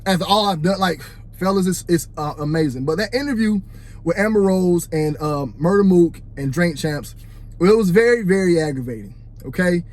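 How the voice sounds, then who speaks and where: A man's voice: high-pitched, lively intonation, normal speed, darkish tone. A man giving a casual, preachy opinion monologue into his phone, talking straight to "fellas" and often asking "you know what I'm saying". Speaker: vlogger.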